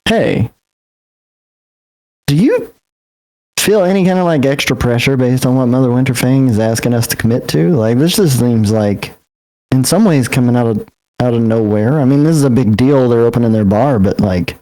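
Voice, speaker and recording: A man's voice: mid-range voice, brisk, dark tone, low-quality recording. Joking man playing a tabletop game. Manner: laughing, joking banter. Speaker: player. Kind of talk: tabletop role-play.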